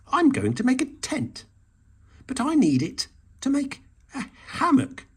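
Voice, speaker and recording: A man reading a storybook aloud and voicing a small, fussy male hedgehog with a squeaky, huffy manner. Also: huge pitch swings, a little slow, slightly rough, full character voice. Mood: eager.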